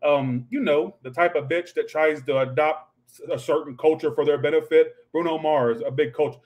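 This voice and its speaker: A man's voice: a little high, steady tone, moderate pace, darkish tone. A man doing a casual livestream tarot reading, talking in a snappy, profane, ranting way. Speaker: tarot reader.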